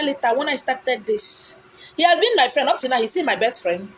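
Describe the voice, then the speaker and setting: Nigerian woman hosting a live video, dramatic storyteller, fairly high voice, faint noise behind. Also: animated, a little fast, a bit bright, poor audio. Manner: blunt, scolding. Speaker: live-stream host.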